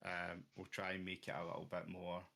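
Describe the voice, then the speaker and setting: A man's voice: low-pitched, monotone, brisk, vocal fry, pushed and bright. A young man co-hosting a casual gaming podcast, rambling and hesitant with lots of ums and jokes. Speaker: podcast co-host.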